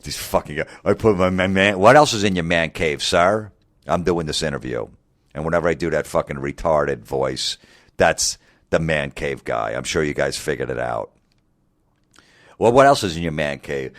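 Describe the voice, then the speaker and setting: A man's voice: a bass voice, normal speed, dry recording, studio quality. A comedian in his forties delivering an angry, mocking, profane comedic rant. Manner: angry, mocking, heavy swearing.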